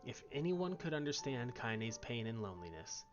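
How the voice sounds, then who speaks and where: A man streamer reading story text aloud in an expressive way. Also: medium pitch, normal speed, muffled recording, over music.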